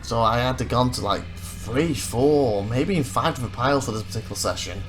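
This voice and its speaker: Faint music plays behind a man with a mid-range voice, speaking a little fast, as he narrates his gameplay as a let's play host. His casual commentary rambles and self-corrects, turning animated whenever he retells his frustrations.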